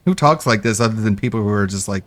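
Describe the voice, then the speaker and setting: A man's voice: fairly low pitch, quick pace, a bit bright. A man streaming live and mocking a gameplay video in casual, sarcastic commentary.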